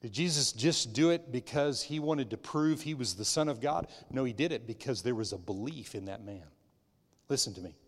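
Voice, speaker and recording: A middle-aged male pastor preaching a sermon in a conversational way, swinging from loud emphatic bursts to quiet, low asides, with frequent restarts. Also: expressive, normal speed, hardly any pauses. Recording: long reverb of a large hall.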